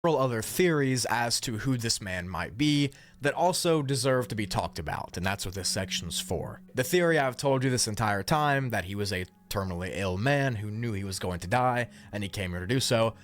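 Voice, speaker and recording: A man narrating a scripted mystery video as a YouTuber, with a measured, reflective delivery. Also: fairly low pitch, animated.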